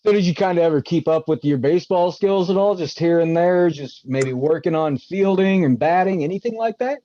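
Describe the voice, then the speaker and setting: A man's voice: on the high side, brisk, mellow. A male podcast host asking easygoing, hesitant questions in a casual interview. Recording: dull, lo-fi and dry.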